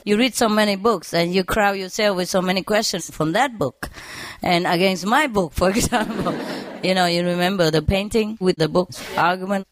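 A woman tells lively stories about her pets in a casual, chatty way. She laughs often and acts out little bits of what the animals say. Her voice sits in an ordinary middle range for a woman. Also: mid-range voice, moderate pace, no echo. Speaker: bird owner. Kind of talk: casual storytelling.

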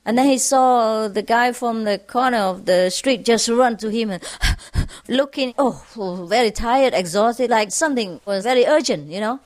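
A woman telling humorous stories to an audience, chuckling often between them. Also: fairly high pitch. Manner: chuckling, unhurried. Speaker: storyteller.

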